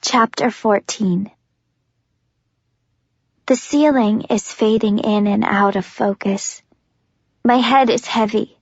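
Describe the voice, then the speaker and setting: A woman's voice: medium pitch, takes it slowly, pauses often, breathy edge, no echo, muffled recording. A woman giving an intense, dramatic first-person audiobook narration.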